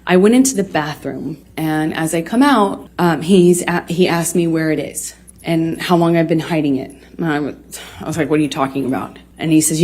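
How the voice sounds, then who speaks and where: A woman in her thirties testifying in court, halting and restarting often with many fillers. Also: sits low, darkish tone, slight background noise.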